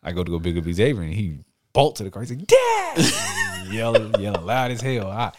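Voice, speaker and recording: A man's voice: fairly low pitch, fast talker, very noisy. A young adult man hosting a casual podcast chat, telling profane stories and acting out quotes with lots of laughter. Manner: profane, laughing storyteller who acts out quotes. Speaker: podcast host.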